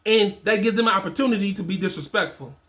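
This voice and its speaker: High, bright-voiced man giving blunt advice. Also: quick pace. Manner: emphatic and repetitive, casual slang. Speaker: fatherhood and men's coach. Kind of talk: casual motivational talk to men.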